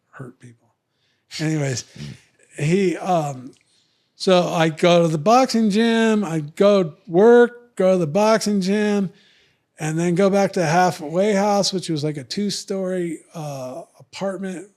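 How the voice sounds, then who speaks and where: An older man telling a long, rambling story as a podcast guest, jumping into the voices of the people in it and trailing off quietly at the ends of asides. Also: a little high, measured pace. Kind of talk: casual storytelling.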